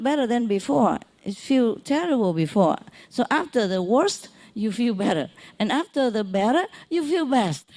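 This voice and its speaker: A woman giving an informal spiritual talk to an audience, speaking gently and unhurriedly in simple, non-native phrasing, often chuckling and repeating phrases to reassure her listeners. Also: a little high. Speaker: spiritual teacher.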